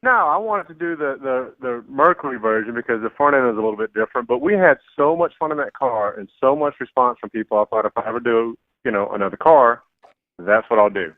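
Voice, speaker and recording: Phone-in guest, male, relaxed and plain-spoken, tinny line. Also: medium pitch, fast, no room sound. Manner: relaxed, explains plainly with fillers. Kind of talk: casual phone interview.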